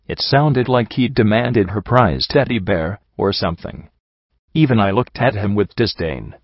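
A man reading a first-person fan fiction story aloud in a wry, even manner. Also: lowish voice, moderate pace, dry recording, lo-fi sound. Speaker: audiobook reader.

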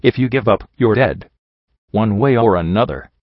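A man voicing a tough, battered young female pony mercenary who talks gruffly and bluntly, with a lot of swearing. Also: on the low side, moderate pace, no room sound, close to an everyday voice. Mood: wry. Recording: dull lo-fi recording.

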